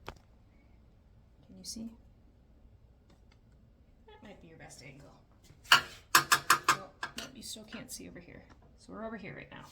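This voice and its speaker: Far from the mic in an echoey entryway at home, a woman with a medium-pitched voice narrates a repair at a measured pace, pausing often. This DIY vlogger thinks aloud, jokes casually, and explains each step, with background noise present.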